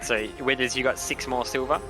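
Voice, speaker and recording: Bright-voiced dungeon master. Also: male voice, medium pitch, fairly even intonation, soft background music. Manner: rambling, many restarts, puts on quick voices for townsfolk. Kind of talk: narrating a tabletop game.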